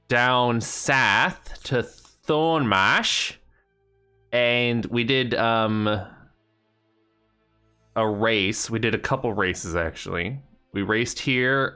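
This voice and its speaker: A man's voice: medium pitch, very slow, long pauses, bright, forceful tone, clear, resonant tone, faint music behind. A man streaming a video game, casually recapping past progress and joking with his chat. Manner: rambling, jokey banter with chat.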